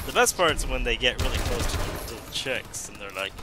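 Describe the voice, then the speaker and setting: A man co-hosting a casual comedy chat, laughing a lot, with a drawn-out delivery. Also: medium pitch, expressive, noisy background. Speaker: co-host.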